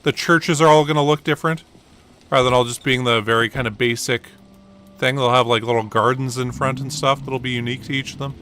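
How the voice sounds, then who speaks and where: A man's voice: medium pitch, fairly even intonation, fairly quick, pushed and bright, a little hiss or hum. A man giving casual gameplay commentary, rambling through a story with lots of ums and uhs. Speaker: gaming channel host.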